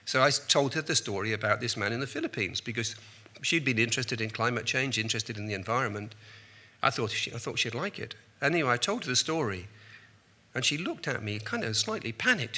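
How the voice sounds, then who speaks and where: A man's voice: medium pitch, lively intonation, a little fast, bright, forceful tone. A man in his sixties giving a conference talk as a journalist and keynote speaker, telling rambling, self-deprecating anecdotes with frequent restarts.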